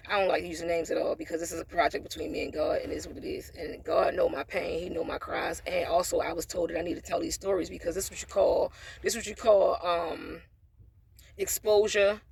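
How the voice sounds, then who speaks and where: A woman's voice: mid-range voice, creaky, fairly bright tone, slightly rough, no room sound. A woman vlogger telling a personal story in a casual monologue, blunt and profane, with preachy asides about faith.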